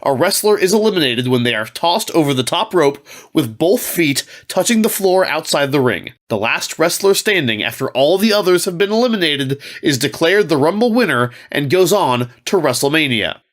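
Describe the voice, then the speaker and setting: A man hosts a storytelling podcast, setting up each round and explaining the rules at an even, measured pace. His voice sits a little high for a man. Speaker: host. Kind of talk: podcast game narration.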